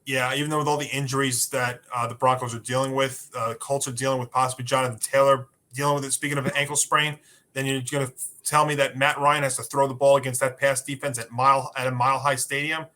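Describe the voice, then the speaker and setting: A man's voice: mid-range voice, little pitch movement, quick pace, pushed and bright. A man co-hosting a sports podcast, casually breaking down injuries and betting picks with many fillers.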